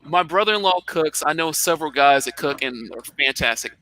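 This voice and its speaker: A man's voice: a little high, lively intonation, a little fast, sharp tone, slight background noise, rough recording. A man co-hosting a casual chat, talking freely with lots of fillers and acted-out moments. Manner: chatty, many "like" fillers, plays out little scenes. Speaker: podcast co-host.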